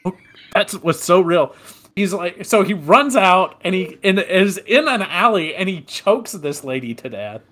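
A man's voice: high-pitched, unhurried. A man in his twenties, a podcast co-host, telling gaming stories in casual chat and laughing as he goes. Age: 20s. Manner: animated storyteller, laughs while telling.

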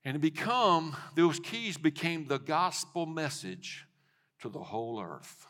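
High bright-voiced preacher man in a reverberant hall. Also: animated, measured pace. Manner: passionate preaching, swells to shouting. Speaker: pastor. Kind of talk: sermon. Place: church sanctuary. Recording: long church hall reverb.

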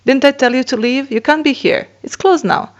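A woman voicing a stern woman who guards a shrine and scolds a visitor with loud, curt commands. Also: high voice, expressive, fairly quick, pitched above the performer's own voice. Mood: scolding. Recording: dull lo-fi sound.

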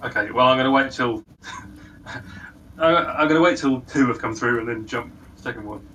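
Bright-voiced hesitant gamer, sits away from the mic, faint hiss. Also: male voice, medium pitch, moderate pace, distant mic, poor audio. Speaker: player. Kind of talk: casual game chat.

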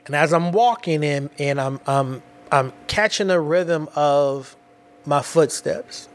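A man with children telling a personal story in casual, animated, slang-heavy talk, often restarting his sentences. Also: on the high side, slow pace. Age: adult with children.

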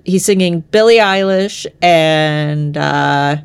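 Young woman, casual co-host, chatty, laughs a lot, sits low in her range. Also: takes it slowly, gravelly, clean tone. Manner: chatty, laughs often, trails off mid-sentence. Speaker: podcast co-host. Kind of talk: casual book discussion chat.

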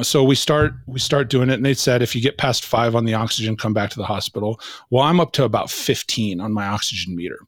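A man's voice: medium pitch, no echo, studio quality. Man dramatically retelling a personal story. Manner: vivid retelling with quoted dialogue. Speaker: podcast guest, leadership coach.

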